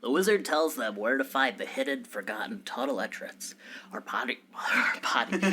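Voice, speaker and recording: Bright, dramatic male game master. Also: mid-range voice, very animated, a little slow, husky. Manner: storytelling, dramatic. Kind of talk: narrating a tabletop game skit.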